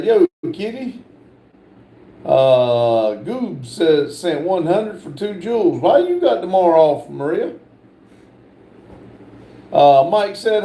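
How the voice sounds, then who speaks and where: Middle-aged guy doing a livestream, slow and halting, lots of uhs, kinda high voice, echoey room. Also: dark tone. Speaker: livestream host. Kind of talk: casual livestream chat, reading viewer comments aloud.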